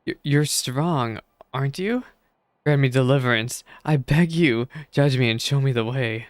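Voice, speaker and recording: A man's voice: medium pitch, measured pace, no room sound, natural voice. Man reading a nervous, earnest merchant for a game; hesitant and pleading, clean and dry. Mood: anxious, pleading. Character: timid, anxious former merchant man, pleading. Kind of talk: reading game dialogue aloud.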